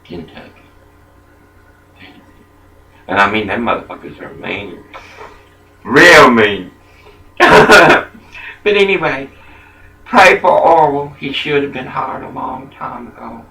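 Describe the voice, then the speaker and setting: An older man talks slowly in a rambling monologue, his voice gravelly with a tense, bright edge. He jumps from thought to thought and swings between low muttering and sudden loud bursts. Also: animated, slight background noise, rough recording.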